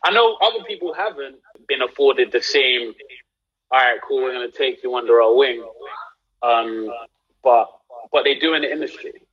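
A man's voice: mid-range voice, moderate pace, slightly rough, muffled recording. A young man from London with a London accent, telling stories as the guest in a casual live-streamed interview. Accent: London English. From England. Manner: relaxed storytelling, animated when recounting anecdotes. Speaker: actor guest.

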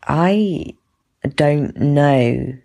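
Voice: mid-range voice, lively intonation, very slow, gravelly, mellow. A caller leaving a thoughtful, hesitant voice note on a phone. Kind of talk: reflective voice note.

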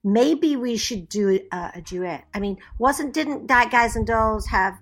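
Woman guest, slightly high voice, gushing and quick to laugh, casual chat. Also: lively intonation. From Scotland.

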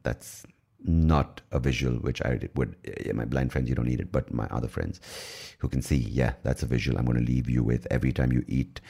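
A man's voice: extremely low pitch, brisk, gravelly, mellow, husky. A young man hosting a casual solo podcast, rambling and irreverent and swearing often. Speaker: podcast host.

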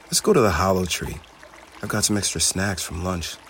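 Storybook: little goblin boy, gentle and friendly, quick and cheery, voiced by a man. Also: deep voice, slight background noise. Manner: soft, friendly.

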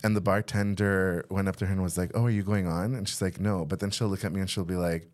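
A man, a comedian, telling animated, gushing anecdotes in casual chat. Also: deep voice, fast talker. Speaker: comedian guest.

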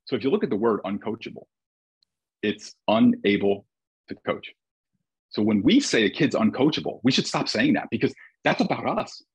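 A man's voice: medium pitch, husky, dry recording, lo-fi sound. A man who coaches baseball, telling stories in a casual, reflective conversation with frequent restarts.

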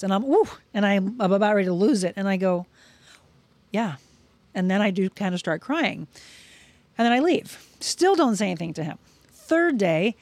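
A woman's voice: medium pitch, no echo. A middle-aged woman, a podcast guest, telling a personal story in casual chat and acting out the quoted dialogue. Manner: lively, acts out quoted dialogue.

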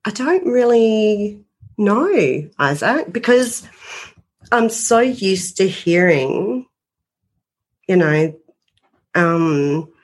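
A woman's voice: mid-range voice, sing-song, very slow, pauses often. A woman, a paranormal investigator telling stories as a guest in a casual interview, rambling and full of fillers.

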